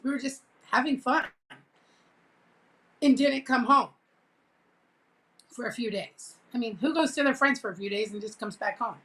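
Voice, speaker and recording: Woman vlogger, high clear bright voice, casual animated storytelling. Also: moderate pace, long pauses. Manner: laughing, animated retelling with quoted voices.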